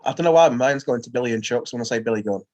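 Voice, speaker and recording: A man's voice: mid-range voice, rapid-fire, darkish tone, lo-fi sound. A man taking part as a contestant in a casual quiz, thinking aloud hesitantly before he answers.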